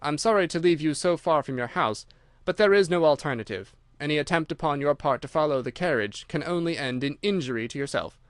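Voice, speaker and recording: A man's voice: on the high side, lively intonation, fairly quick, no room sound, close to an everyday voice. Guy playing a polite but cold henchman, clipped and formal, dry sound. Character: coldly polite younger male henchman.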